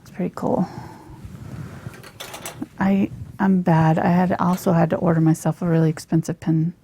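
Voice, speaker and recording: A woman teaching a live painting lesson on a lapel mic, soft-spoken and often dropping to a near whisper as she works. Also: lowish voice, flat delivery, moderate pace, creaky, lo-fi sound, slight background noise. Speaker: painting instructor.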